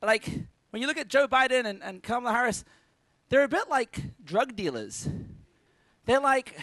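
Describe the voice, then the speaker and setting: A man giving a lively conference talk to a live audience, energetic and joking with punchy asides. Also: extremely high pitch, normal speed, long pauses, no room sound. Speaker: conference speaker.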